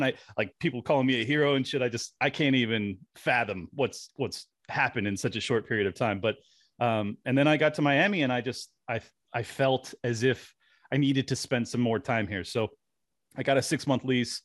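A man's voice: medium pitch, normal speed, dry recording. A young man, a podcast guest, chatting casually and telling stories with animation and frequent laughs. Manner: animated storyteller, laughs often. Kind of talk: casual interview chat.

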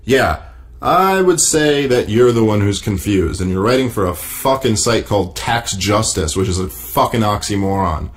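A man's voice: fairly low pitch, expressive, moderate pace. A man hosting a solo podcast, reading an article aloud and tearing into it in a profane, exasperated, mocking way. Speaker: podcast host.

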